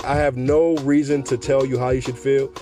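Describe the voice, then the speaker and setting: A man's voice: medium pitch, flat delivery, moderate pace, dark tone, soft background music. Laid-back joking podcast host, man. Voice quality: laid-back and joking, laughs between lines. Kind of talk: casual podcast monologue.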